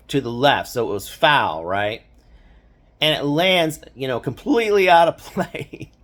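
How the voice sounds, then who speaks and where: A man's voice: mid-range voice, fairly bright tone. An older man casually reminiscing, rambling with lots of "you know" and "right?" and frequent chuckles. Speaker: storyteller.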